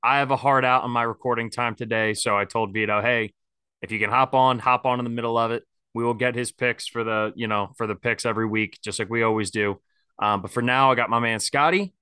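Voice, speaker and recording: Man, podcast host, bright tone, smooth clear voice, dry close sound, casual rambling chat. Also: medium pitch, fairly even intonation, fairly quick, no echo. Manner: rambling, candid, frequent fillers.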